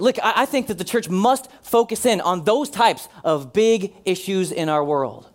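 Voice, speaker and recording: A man preaching a sermon as pastor, earnest, slowing down and dropping his voice for emphasis, and leading the congregation in responses. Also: high-pitched, lively intonation. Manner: leads the congregation in call-and-response.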